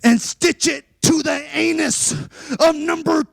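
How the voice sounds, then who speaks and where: Brash fighter persona played by a man, put-on Mexican accent, deliberately slow and menacing, gravelly texture. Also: very high voice, no room sound, studio quality, exaggerated voice. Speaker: fighter at a media day. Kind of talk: in-character trash talk.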